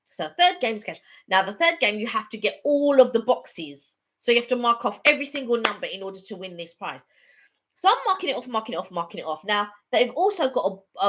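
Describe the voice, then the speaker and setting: A woman co-hosting a casual live stream chat, telling a long rambling story with lots of repetition. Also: fairly high pitch.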